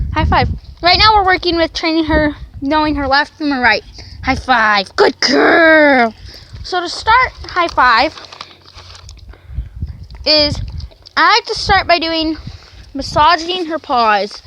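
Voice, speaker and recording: High-voiced woman coaxing her dog. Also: pushed and bright, slight background noise, rough recording. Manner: coaxing commands to a dog between explanations. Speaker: dog trainer vlogger. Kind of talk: casual training demonstration.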